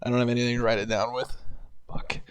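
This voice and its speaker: A man's voice: medium pitch, level tone, fast talker. A man hosting a casual sports podcast over a video call, reading team standings with slips and restarts. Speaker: podcast host.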